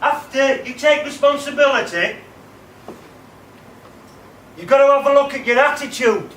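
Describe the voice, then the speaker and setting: High-voiced man speaking with a stammer. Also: lively intonation, unhurried, a bit bright, a little hiss or hum. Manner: emphatic, repeats key words. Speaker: keynote speaker. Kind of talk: motivational talk to students. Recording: roomy, distant mic, faint music.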